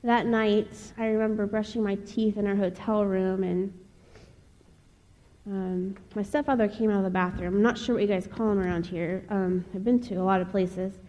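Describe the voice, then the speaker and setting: A young woman from Ohio giving a personal testimony speech, telling her story in an earnest, measured way with pauses. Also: mid-range voice, steady tone, dark tone, lo-fi sound. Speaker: speaker. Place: chapel. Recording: long reverb of a large hall.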